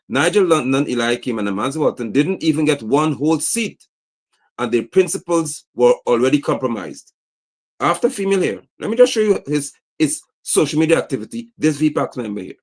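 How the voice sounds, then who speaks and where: A man's voice: mid-range voice, lively intonation, brisk. A man giving livestream political commentary, indignantly reading posts aloud and firing off rhetorical questions. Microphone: streaming setup mic.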